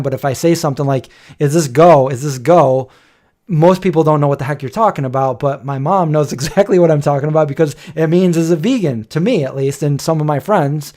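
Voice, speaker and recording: Middle-aged male host, casual chat, rambling joker, slightly high voice. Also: fast talker, few pauses, a little mellow. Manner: rambling, joking storyteller.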